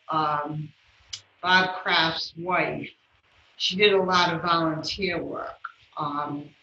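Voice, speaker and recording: A woman guest in an interview, telling a personal story in an animated way and acting out the voices of the people in it. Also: deep voice, echoey room, lo-fi sound, a little hiss or hum. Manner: animated, acts out the voices of people in her stories. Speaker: guest, yoga instructor.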